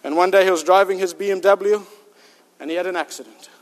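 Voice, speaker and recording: A man's voice: sits high, steady tone, quick pace. A male preacher giving an emphatic sermon with rhetorical questions and joking asides. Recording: long hall reverb.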